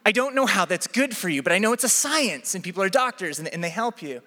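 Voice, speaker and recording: A man preaching a sermon, telling a comic personal story with lively energy. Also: high-pitched, fast talker. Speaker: pastor. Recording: echoey hall.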